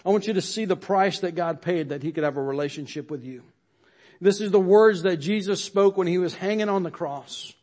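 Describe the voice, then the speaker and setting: A man preaching as pastor at a service, earnest and building phrase on phrase, with his voice dropping low at the end of lines. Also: fairly quick, a little mellow. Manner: earnest, repeats phrases for emphasis, drops low at line ends. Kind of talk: sermon.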